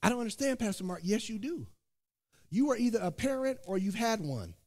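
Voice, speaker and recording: A pastor from Indiana preaching a sermon, joking and calling out to his congregation in an animated way. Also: high-pitched. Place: church sanctuary. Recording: long church hall reverb.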